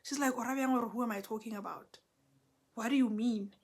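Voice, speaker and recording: A young South African woman, a Setswana speaker, telling a story in a casual, animated way with lots of code-switching. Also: a little high, a little fast.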